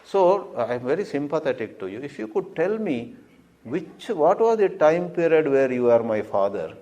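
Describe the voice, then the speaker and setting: A man's voice: a little high, sing-song, normal speed, warm tone, voice pushed up. A man voicing a courteous son in heaven who speaks hesitantly and apologetically. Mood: apologetic. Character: polite young son in heaven, gently apologetic.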